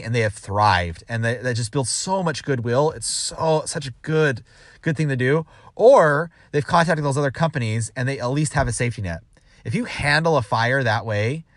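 A man's voice: medium pitch, fairly bright tone, no room sound, studio quality. A man giving casual advice as a sales manager, rambling with restarts and acting out quoted dialogue.

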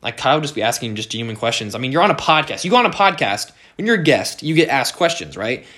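A man's voice: mid-range voice, big pitch swings, quick pace, pushed and bright. A young American man riffing alone on his podcast, loose and unscripted. He rambles, swears freely and circles back on himself with plenty of fillers and restarts. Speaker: podcast host. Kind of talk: casual solo podcast monologue.

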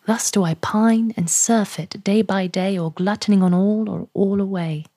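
A woman's voice: mid-range voice, fairly even intonation, no echo, clean studio sound. Woman reading sonnets in a British accent. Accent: received pronunciation British. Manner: measured, soft, lingering on lines. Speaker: podcast host. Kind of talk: poetry reading.

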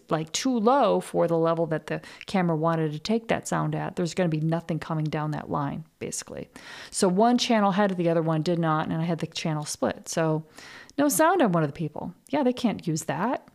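A woman's voice: lowish voice, a little mellow. A woman hosting a podcast, talking in a candid casual monologue, swearing freely and laughing at herself. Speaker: podcast host.

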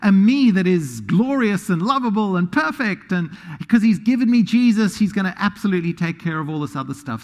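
A man preaching a sermon as pastor, animated and self-deprecating, moving into a quiet prayer. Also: high-pitched, a little fast, few pauses. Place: church sanctuary. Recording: long hall reverb.

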